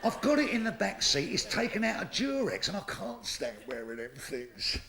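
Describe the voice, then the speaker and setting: A gravelly-voiced man tells crude jokes on stage, his pitch sitting high and swinging widely from line to line. A laughing theatre crowd is heard behind him. He drops into quick put-on voices for the people in his stories. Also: huge pitch swings. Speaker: stand-up comedian. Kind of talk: live stand-up telling blue jokes. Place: theatre stage before a live audience. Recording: live theatre recording with crowd. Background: audience laughter.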